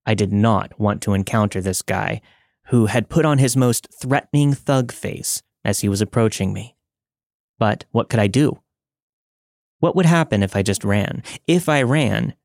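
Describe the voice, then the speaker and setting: A man hosting a podcast, reading listener stories as scripted narration in a measured, dramatic way. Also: medium pitch, a little mellow, no room sound, studio quality.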